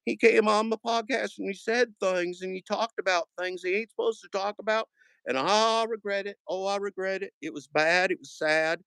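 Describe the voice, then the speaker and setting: Smarmy country-talking podcaster guy, high and gravelly, as a man puts him on; dry sound. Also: steady tone, moderate pace, fairly bright tone, dry recording, low-quality recording. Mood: sheepish. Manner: hick drawl with "ain't" and "swell feller". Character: folksy, smarmy male podcaster with a country drawl. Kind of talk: mocking impression on a live stream.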